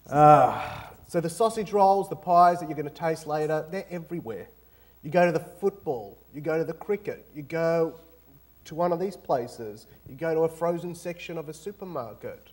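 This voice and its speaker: A man's voice: fairly high pitch, darkish tone. A young adult man with an Australian accent, giving a joking, audience-engaging talk as guest speaker in a university auditorium. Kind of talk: lively lecture to students.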